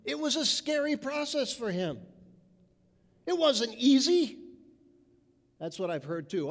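A man's voice: very high voice, big pitch swings, a little slow, pauses often. A man preaching a sermon with emphasis, mimicking people's voices. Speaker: pastor. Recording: reverberant hall.

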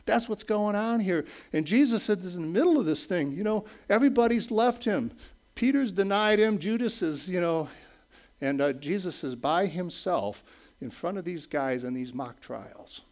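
A man's voice: lively intonation, moderate pace. Conversational man preaching a sermon. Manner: conversational preaching, frequent "okay?" and "right?" checks; swings between raised emphatic lines and low quiet asides. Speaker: pastor.

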